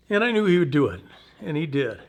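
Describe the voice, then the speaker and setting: An older man in his seventies recounts memories as an interviewee, his voice sitting slightly high for a man. He talks in an unhurried, halting way, with folksy turns of phrase and frequent pauses. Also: pushed and bright. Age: 70s. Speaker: veteran interviewee. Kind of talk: personal war storytelling interview.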